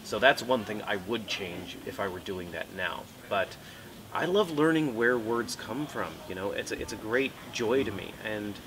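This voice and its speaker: American guy being interviewed, relaxed and joking, bit low voice, noisy fair hall. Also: normal speed. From United States. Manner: relaxed and chatty, with playful asides. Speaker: guest author. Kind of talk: casual interview answers. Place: book fair.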